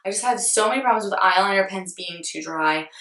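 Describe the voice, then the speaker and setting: Young female beauty vlogger, slightly hoarse, rambling and self-mocking, recorded a little off-mic in a roomy space. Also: mid-range voice, brisk, sharp tone, distant mic. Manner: chatty, rambling, self-deprecating, lots of "like". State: losing her voice, slightly hoarse. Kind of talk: casual product review.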